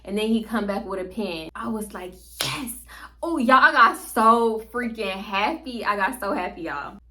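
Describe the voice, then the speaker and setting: A woman telling a story to her viewers in a casual, slangy way, animated and laughing often. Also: medium pitch, moderate pace, slight background noise.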